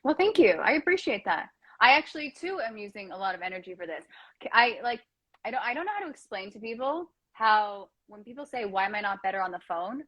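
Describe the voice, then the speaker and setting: A woman's voice: mid-range voice, animated, quick pace, no room sound, muffled recording. A woman hosting a casual chat, bubbly and self-mocking. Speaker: host.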